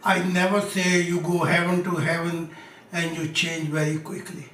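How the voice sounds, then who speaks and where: A man answering audience questions as a spiritual teacher, speaking slow, insistent, broken English. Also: on the high side, completely flat delivery, a bit bright. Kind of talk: live question-and-answer talk. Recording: echoey room, mic at a distance.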